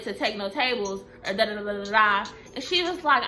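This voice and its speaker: A young woman from Texas telling a workplace storytime in a casual monologue, blunt and profane, jumping up in pitch as she acts out quotes. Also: brisk, few pauses. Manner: blunt, profane and animated, acting out quotes with big pitch jumps.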